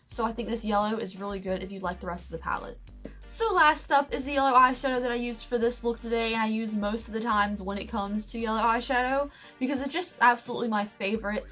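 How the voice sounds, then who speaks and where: A woman's voice: medium pitch, fairly bright tone. A young woman from the United States chatting candidly and enthusiastically through a casual makeup review. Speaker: beauty vlogger.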